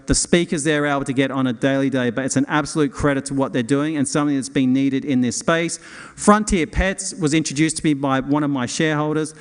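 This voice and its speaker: A man's voice: fairly high pitch, clear, resonant tone. A middle-aged man, hosting an investment conference in a hotel hall and introducing presenting companies with enthusiastic, rambling restarts. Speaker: event host.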